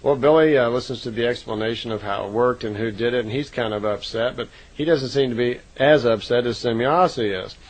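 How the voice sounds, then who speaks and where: A man talks through a long account in a relaxed, unscripted way. He pauses on fillers and corrects himself as he goes. His voice sits at an ordinary middle pitch for a man. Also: poor audio. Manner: unhurried, conversational, frequent "uh" fillers and self-corrections. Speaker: narrator recounting contact reports. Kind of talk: casual spoken retelling.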